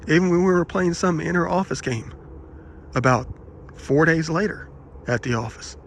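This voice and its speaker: A man vlogging, telling rambling personal anecdotes in an aggrieved, animated way and quoting the people in them. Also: on the high side, normal speed, gravelly, a little hiss or hum. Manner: aggrieved, animated retelling with quoted dialogue.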